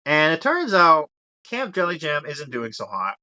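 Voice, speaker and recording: A man's voice: fairly high pitch, wildly swooping pitch, a little slow, pushed and bright, no echo, muffled recording. A young man hosting a casual podcast, rambling through a story recap with frequent laughs and fillers. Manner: rambling, laughs often, acts out character voices. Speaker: podcast host.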